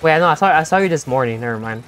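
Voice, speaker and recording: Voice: medium pitch, expressive, racing, fairly bright tone, faint music behind. A young-adult game streamer chatting playfully with viewers during a live session, laughing often and teasing the chat.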